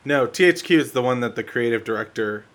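A man co-hosting a casual gaming podcast, blunt and quick, playfully disagreeing with his co-host. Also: mid-range voice, expressive, a bit bright.

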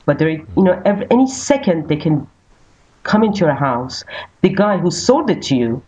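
A woman's voice: on the low side, big pitch swings, moderate pace, warm tone. A woman from Iran, a podcast guest talking earnestly and searching for words with many fillers. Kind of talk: casual conversation. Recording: dull lo-fi audio.

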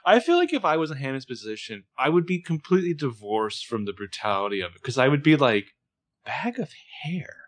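A man's voice: medium pitch, big pitch swings, fast, few pauses. A man co-hosting a podcast who talks thoughtfully about camera shots and scenes in a casual chat. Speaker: podcast co-host.

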